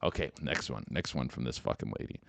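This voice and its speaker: A man's voice: rumbling low, quick pace, creaky, no echo. A young man hosting a podcast, riffing through a profane, rambling comedic monologue. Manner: profane, rambling and animated, slips into mocking voices. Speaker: podcast host.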